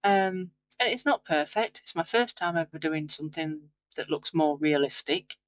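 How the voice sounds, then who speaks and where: Late at night, a weary craft video host chats her way through a clay project, rambling and poking fun at herself in casual voice-over. She sits low in pitch but sounds animated at a moderate pace, and the recording is dry and rough.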